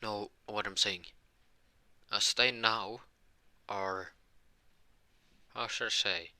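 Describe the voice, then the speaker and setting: A young man telling an improvised fan-fiction story, rambling and often stopping to correct himself. His voice is low and strikingly bright. It is recorded close and dry, with no room sound. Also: fairly even intonation, takes it slowly, dry recording. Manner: rambling, with many restarts and self-corrections.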